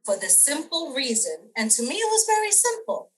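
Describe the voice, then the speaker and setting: A middle-aged woman tells a story as a podcast guest, her voice sitting a little high and leaping up whenever she acts out someone else's words. She talks in a lively, conversational way and breaks into laughter often. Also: normal speed, rough recording. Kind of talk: casual interview chat.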